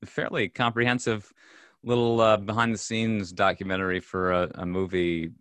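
A man co-hosting a casual podcast about movies, talking in a halting way with many fillers and restarts. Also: fairly low pitch, flat delivery, fairly bright tone, clean tone, dry recording. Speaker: podcast co-host. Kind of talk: casual film discussion.

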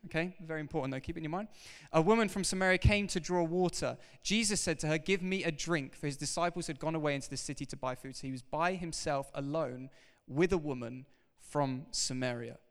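A man preaching with an animated, emphatic delivery, his voice pitched a little high for a man and smooth and resonant. His words ring out with a long reverb from a large hall. He talks directly to the congregation as he goes. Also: a little fast, hardly any pauses. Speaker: pastor. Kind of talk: sermon.

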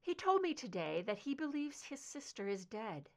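A woman's voice: on the high side, very animated, normal speed. A woman reader voicing a determined female investigator, earnest and firm but anxious.

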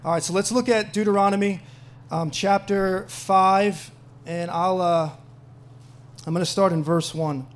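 High-voiced earnest male preacher. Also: steady tone, a little slow. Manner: earnest preaching, rising louder when reading scripture aloud. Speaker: pastor. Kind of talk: sermon with scripture reading.

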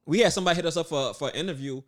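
A man co-hosting a casual podcast chat, laid-back, giving shout-outs with plenty of fillers. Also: on the high side, racing. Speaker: podcast co-host.

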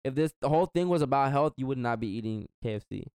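A man's voice: mid-range voice, expressive, quick pace, darkish tone, clean tone, dry recording, clean studio sound. Slangy young man telling a story. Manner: rambling, slangy, acts out quotes. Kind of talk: casual storytelling chat.

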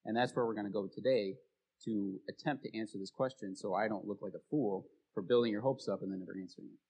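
A man's voice: lowish voice, quick pace, darkish tone, slightly rough. A man preaching a sermon as a pastor, telling stories in a casual, conversational way.

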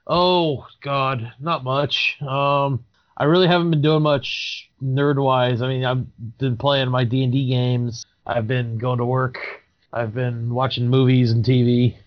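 A man co-hosting a laid-back tabletop gaming chat, often stammering and restarting before landing a light joke. His pitch is a plain middle range. The audio is somewhat dull and lo-fi. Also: level tone, unhurried. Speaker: podcast co-host. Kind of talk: casual chat about tabletop games.

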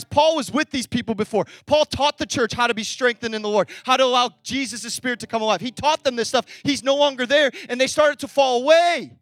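A young man delivers a lively sermon in a very high voice. The sound is dry and close, with no room around it. He tells stories and acts out the voices in them. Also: dry recording. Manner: energetic, storytelling, acts out dialogue. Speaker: pastor.

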